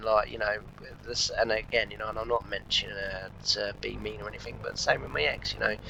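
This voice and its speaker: A man's voice: medium pitch, creaky, sharp tone. A man, rambling through a long anecdote as a let's play host and retelling each exchange with "I said". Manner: chatty, retells with constant "I said". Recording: dull lo-fi sound with faint noise.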